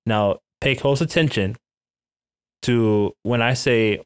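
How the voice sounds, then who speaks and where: A man teaching a Spanish lesson, slowly modelling vowel sounds for learners to repeat and often checking in with "okay?". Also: lowish voice, clean tone. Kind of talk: language lesson, repeat-after-me drills.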